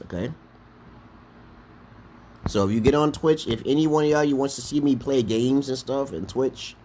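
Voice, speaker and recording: A man's voice: medium pitch, darkish tone, slight background noise. A man from Brooklyn, hosting a casual livestream and telling a rambling, profane story full of restarts. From Brooklyn, New York, USA. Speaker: livestream host.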